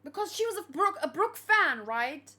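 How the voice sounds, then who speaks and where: A young woman hosting a manga read-along, reacting in a chatty, exclamatory way and thinking out loud. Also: very high-pitched, very animated, normal speed. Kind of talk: casual reaction commentary.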